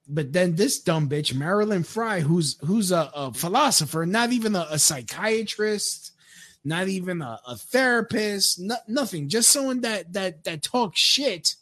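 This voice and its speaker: A man's voice: sits high, animated, unhurried, fairly bright tone. A man giving a crude, rambling rant, with frequent stammered restarts. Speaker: commentator. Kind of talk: profane rant commentary.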